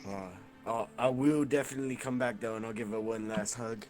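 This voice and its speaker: A man's voice: mid-range voice, steady tone, a little fast, darkish tone, soft background music. A man playing a tabletop game, talking in a hesitant, casual way. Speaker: player. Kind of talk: casual tabletop role-play.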